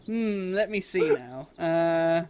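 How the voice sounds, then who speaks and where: A man's voice: on the high side, lively intonation, takes it slowly, a little mellow. A British man as dungeon master, narrating an improvised tabletop game and thinking his rulings through aloud. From Britain.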